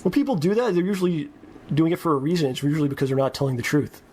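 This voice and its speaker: Halting, somewhat high-voiced man. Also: expressive, a little mellow, breathy edge. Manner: halting, full of fillers. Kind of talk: reflective talk.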